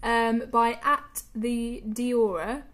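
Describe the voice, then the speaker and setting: A woman's voice: fairly high pitch, fairly even intonation, slow pace, a bit bright. A young woman co-hosting a podcast, telling stories in a giggly, chatty way. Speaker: podcast co-host. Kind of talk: casual chat.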